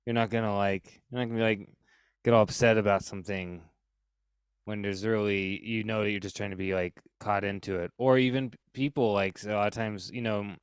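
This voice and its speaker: A man's voice: on the low side, brisk, clear, resonant tone, no room sound. A man on a podcast talking casually and loosely, filling his speech with "like" and "you know". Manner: relaxed, heavy on fillers like "like" and "you know".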